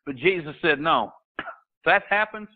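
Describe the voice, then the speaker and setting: A man's voice: on the high side, expressive, moderate pace. A man preaching a sermon as a pastor, rising into emphatic bursts and quoting scripture in old-fashioned wording. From Texas. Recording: tinny phone-line sound.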